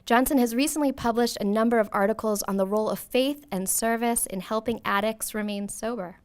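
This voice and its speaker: A woman's voice: fairly high pitch, a little fast. A middle-aged woman introducing a guest lecturer at a university event, reading a bio with self-deprecating asides and many ums. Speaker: event host introducing a speaker. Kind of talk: lecture introduction read from notes. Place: lecture hall at a podium.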